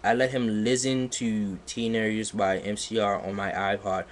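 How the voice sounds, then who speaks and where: A man's voice: fairly low pitch, level tone, normal speed. A man giving a comedic dramatic reading of a text, exasperated and breaking off to mock it. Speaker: live streamer reading aloud. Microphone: computer microphone on a live stream.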